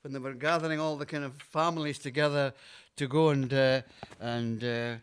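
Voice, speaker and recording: A man's voice: mid-range voice, steady tone, normal speed, smooth. A Scottish singer-songwriter chatting between songs on his own live show, rambling and hesitant with lots of fillers, patiently explaining things to his listeners. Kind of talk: casual chat between songs. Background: guitar.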